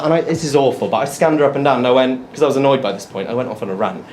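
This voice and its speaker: A man's voice: mid-range voice, normal speed, long pauses. A young man doing a stand-up set, telling a story and acting out his own lines. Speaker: stand-up comedian. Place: comedy club stage. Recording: echoey room, audible crowd. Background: audience laughter.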